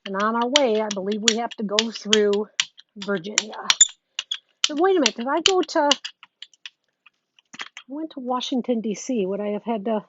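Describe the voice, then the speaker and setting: A woman's voice: a little high, moderate pace, pauses often. A woman teaching quilting in a live demonstration, chatting casually as she works and greeting viewers. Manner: chatty, talks while working, greets viewers. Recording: dull lo-fi sound with faint noise.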